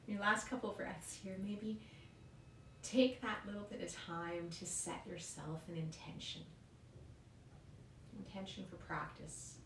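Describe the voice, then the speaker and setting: A woman leading a yoga class in a calm, encouraging way, often checking in with "right?". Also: medium pitch, a little slow, pauses often, slight background noise. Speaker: yoga instructor. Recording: roomy echo, mic at a distance.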